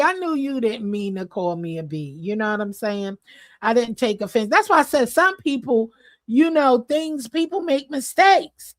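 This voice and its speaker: A woman hosting a casual livestream chat with her viewers, expressive and chatty, laughing often and swearing casually. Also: sits high, dry recording. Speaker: livestream host.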